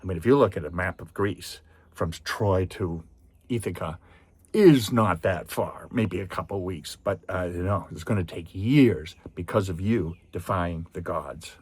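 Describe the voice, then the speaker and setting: A man's voice: low voice, unhurried, a little mellow, husky, no room sound. A man giving a chatty, digressive film review in which he animatedly retells the story. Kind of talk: casual spoken review.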